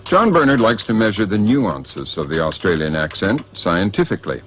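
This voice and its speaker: A man narrating a documentary in a scripted, measured delivery. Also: lowish voice, expressive, slight background noise. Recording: music bed under narration.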